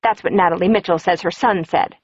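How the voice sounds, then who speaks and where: A woman's voice: fairly low pitch, a little fast, breathy edge. A woman voicing a nosy middle-aged travel agent who keeps prying eagerly for gossip. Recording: dull, muffled audio.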